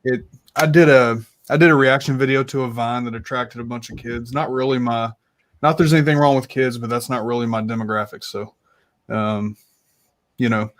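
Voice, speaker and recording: A man's voice: medium pitch, fairly even intonation, moderate pace. A man who is a guest on an interview show, speaking casually and plainly with some hesitation.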